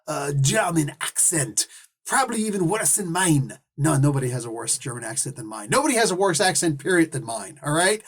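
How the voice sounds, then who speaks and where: A man giving a casual, rambling comic book review, full of restarts, asides and quick put-on voices for the characters. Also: on the high side, slightly rough. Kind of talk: casual solo review monologue.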